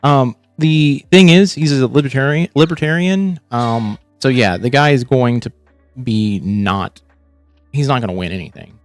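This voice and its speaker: Faint music sits behind this livestream host, whose mid-range voice moves a little slowly. His reaction commentary is casual and meandering, full of profanity and restarted sentences.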